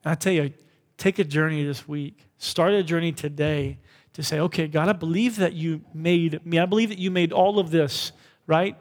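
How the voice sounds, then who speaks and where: A man's voice: fairly high pitch, fairly even intonation, moderate pace, long reverb tail. A man preaching a sermon as pastor, in a conversational way, often checking in with "right?". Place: church hall.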